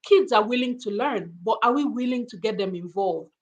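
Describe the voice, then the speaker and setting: A woman from Africa hosting a casual interview, asking her guest questions in an animated way. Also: fairly high pitch, normal speed. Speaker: host.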